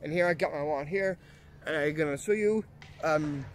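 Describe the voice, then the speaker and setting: A man's voice: fairly high pitch, normal speed, a little hiss or hum. A man hosting a casual magic trick tutorial, eager and showing each step as he goes. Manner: eager, repeats "like this" while demonstrating.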